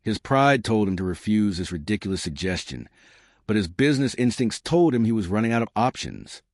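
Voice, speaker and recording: A male narrator reads a dramatic story with expressive, steady delivery. His voice is fairly low and moves widely in pitch. It is recorded close and dry. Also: brisk, no room sound.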